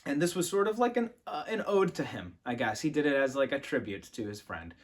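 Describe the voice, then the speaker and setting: A young adult man hosting a poetry channel, explaining and reading a poem in a relaxed, casual way, thinking aloud with fillers and restarts. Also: medium pitch, a little fast.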